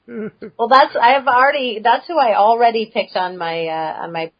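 A woman co-hosting a podcast, chatty and quick to laugh in casual chat. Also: fairly high pitch, husky. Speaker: podcast co-host. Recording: dull muffled call audio.

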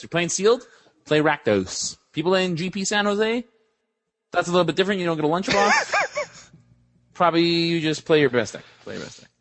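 This podcast co-host is a young man with a voice on the high side, captured in a dry recording. His talk is loose and profane, full of rambling, lively stories.

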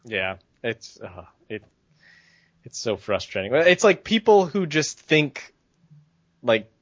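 A man's voice: mid-range voice, very animated, takes it slowly, dry recording. A man co-hosting a podcast, ranting in a heated, profane, casual way. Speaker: podcast co-host. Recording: dull, dry lo-fi sound.

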